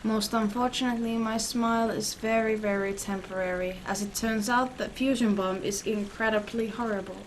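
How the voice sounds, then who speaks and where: A woman hosting a gaming channel, reading a visual novel's story text aloud with expressive, emotional delivery. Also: on the high side, normal speed, few pauses, slight background noise. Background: game music.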